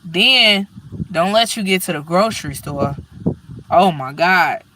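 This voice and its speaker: A woman telling stories in a casual, profane, animated rant to her viewers. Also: on the low side, measured pace, slight background noise. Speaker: vlogger.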